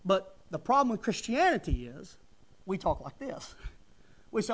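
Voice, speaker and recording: A middle-aged preacher with a notably high voice delivers his sermon in a folksy, fervent way. He swells into loud emphatic bursts and then drops back to plain talk. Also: sing-song, moderate pace.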